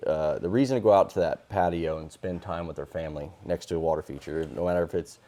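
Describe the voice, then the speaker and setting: A man's voice: low voice, quick pace, mellow. A man, a hardscaper and water feature builder, telling earnest stories in a casual podcast chat, with many fillers and restarts.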